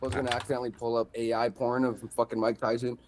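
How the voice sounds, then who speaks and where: A man's voice: mid-range voice, flat delivery, very fast, noisy background. A man who raps, guesting on a podcast, talking slangy and calling everyone bro. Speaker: guest rapper. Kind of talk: casual podcast chat.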